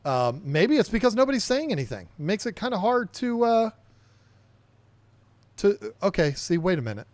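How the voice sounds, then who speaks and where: A man's voice: high-pitched, sing-song, moderate pace, a little mellow, dry recording. A man hosting a livestream podcast, chatting casually and rambling as he reads viewer comments aloud and answers them.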